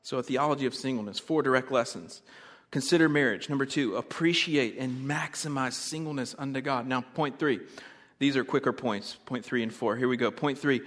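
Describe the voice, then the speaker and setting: A man preaching a sermon as pastor, conversational, swinging between loud emphasis and soft, quiet asides. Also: mid-range voice, brisk.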